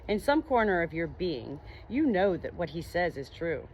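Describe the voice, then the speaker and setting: Woman, audiobook narrator, low-pitched, calm, measured reading. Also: slight background noise. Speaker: audiobook reader.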